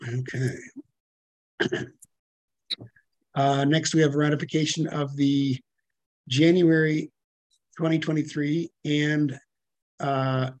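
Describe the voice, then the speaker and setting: Halting man chairing a public hearing. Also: a little high, fairly even intonation, a little mellow, no room sound. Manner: halting, many fillers, self-correcting. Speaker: commission chair.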